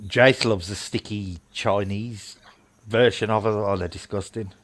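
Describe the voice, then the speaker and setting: A man's voice: fairly low pitch, fairly even intonation, unhurried. A man with a Birmingham accent in casual, jokey chat, teasing his friends and laughing often. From England, near Birmingham. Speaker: live chat host.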